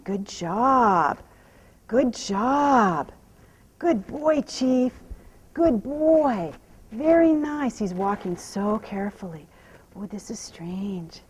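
A woman horse trainer talking out loud while she rides, softly praising the horse and explaining each step. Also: high-pitched, breathy edge, highs cut off. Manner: soothing praise to the horse, mixed with quiet running explanation. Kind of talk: narrating while riding.

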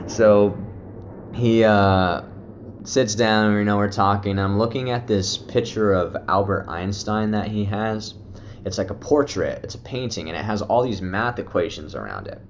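A man's voice: lowish voice, moderate pace, lo-fi sound, slight background noise. Laid-back young man telling a trip story. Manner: loose, profane, laughing storyteller with many fillers. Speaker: vlogger. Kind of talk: casual storytelling, trip report.

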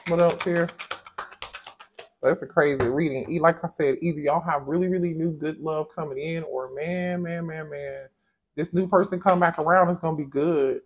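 A man with a fairly high voice gives a casual tarot reading. He is animated and exclaims often. He talks straight to his viewers as if they were friends. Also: moderate pace, a little hiss or hum. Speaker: tarot reader.

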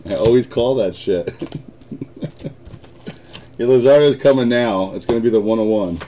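A man's voice: mid-range voice, measured pace, mellow, a little hiss or hum. A man with an American accent hosting a live card break, chatting casually, swearing and laughing often.

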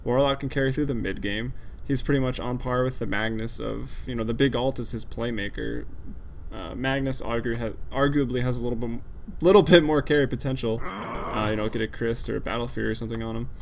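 A man's voice: mid-range voice, fairly even intonation, fairly quick, gravelly, a little hiss or hum. Casual male esports caster. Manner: casual, analytical, frequent fillers. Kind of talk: solo play-by-play commentary.

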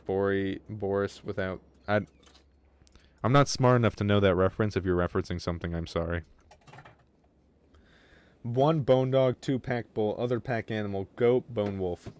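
A man streaming a game live, with casual, excitable commentary, lots of swearing and remarks aimed at his chat. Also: on the low side, normal speed, long pauses, clear, resonant tone. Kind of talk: casual livestream gaming commentary.

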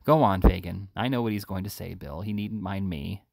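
A young woman, cool and defiant, answering back without fuss, read by a man in a low voice. The tone is gravelly and the sound dry. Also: moderate pace, darkish tone, no room sound. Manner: cool and composed.

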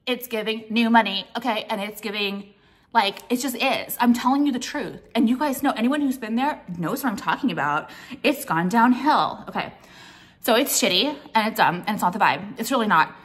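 A woman's voice: a little high, lively intonation, normal speed, a bit bright. A young adult woman vlogging in a casual, blunt rant, opinionated and full of swearing and "like". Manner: blunt, profane, opinionated, heavy use of "like".

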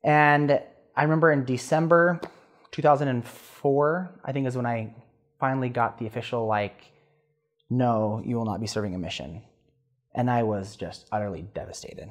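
At a moderate pace and in a mid-range voice, a man in his thirties recounts something personal as a podcast guest. His telling is earnest and animated, broken by restarts.

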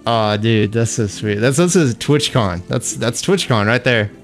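A man's voice: mid-range voice, expressive, unhurried. A young man streaming a game live, chatting with viewers, laughing, venting frustration and swearing. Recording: faint music behind.

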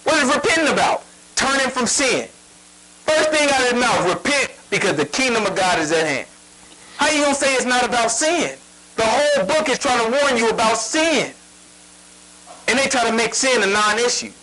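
Male preacher, emphatic, rhetorical questions, high pitch, bright tone. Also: animated, normal speed, poor audio. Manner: emphatic, asks rhetorical questions, prods the reader. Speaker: Bible teacher. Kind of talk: sermon.

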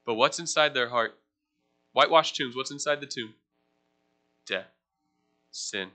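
Bright-voiced pastor, chatty sermon. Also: male voice, mid-range voice, measured pace, pauses often. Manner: conversational, asks the room questions, self-deprecating asides. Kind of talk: casual teaching sermon. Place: church.

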